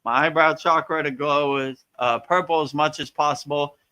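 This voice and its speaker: A man who is a spiritual teacher, hosting a live-stream Q&A in a casual, animated way and often asking "you know?" and "right?". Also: on the high side, moderate pace, clear, resonant tone. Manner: acts out voices playfully.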